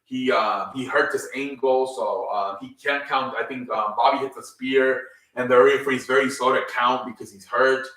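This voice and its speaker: A man's voice: medium pitch, fairly even intonation, moderate pace, hardly any pauses, sharp tone. A man casually recapping a wrestling show on his own, rambling, with lots of ums and casual swearing. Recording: echoey room, distant mic.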